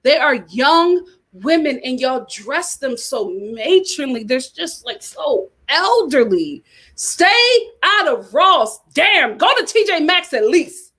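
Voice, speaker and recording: Woman going off about a dating show, high voice, super animated and fed up. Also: takes it slowly. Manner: animated, exasperated ranting. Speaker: reality TV commentator. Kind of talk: casual chat.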